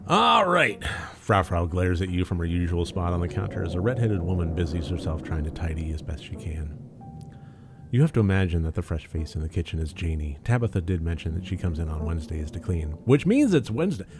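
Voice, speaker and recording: Gamer guy, low voice, reads narration and riffs with casual cursing. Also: steady tone, fast, music in the background. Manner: jokey, swears casually, laughs. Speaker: let's play streamer. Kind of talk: reading narration and casual commentary.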